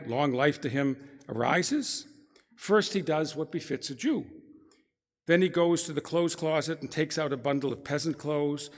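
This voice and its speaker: Gravelly man telling a story in a hall. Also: mid-range voice. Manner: dramatic storytelling, dropping to hushed tones. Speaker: guest speaker. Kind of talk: reading a story aloud in a sermon-like talk. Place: synagogue sanctuary. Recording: long reverb of a large hall.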